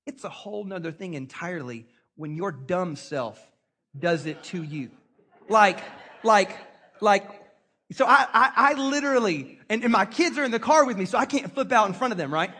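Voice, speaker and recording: A man's voice: sits high, moderate pace. A middle-aged male pastor, preaching a sermon in a chatty, storytelling way and calling on the congregation to answer. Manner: conversational storytelling preacher, animated call-and-response.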